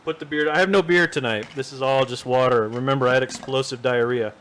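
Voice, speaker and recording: A man's voice: medium pitch, fast talker, fairly bright tone, a little hiss or hum. A man co-hosting a casual show, chatting and joking with the audience while playing a golf video game. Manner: chatty, jokey, talks to the audience. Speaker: podcast co-host.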